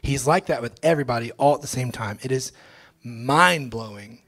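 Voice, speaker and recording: A young man, a pastor, telling his testimony to a church congregation in a casual, slangy way, at times breaking into loud joyful shouts. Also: medium pitch, normal speed. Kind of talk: testimony sermon. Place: church sanctuary.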